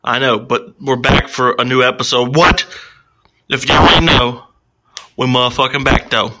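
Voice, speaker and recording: A young man co-hosting a casual gaming podcast, loud and hyped, swearing freely and breaking into song. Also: mid-range voice, fairly even intonation, moderate pace, a little hiss or hum. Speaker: podcast co-host.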